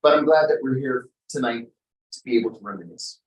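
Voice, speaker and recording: An earnest man delivers a memorial tribute in measured, deliberate phrases. The sound is roomy, as though caught from across a venue. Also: medium pitch, recorded from a distance. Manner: earnest, measured, slow emphasis. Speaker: tribute speaker. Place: event venue.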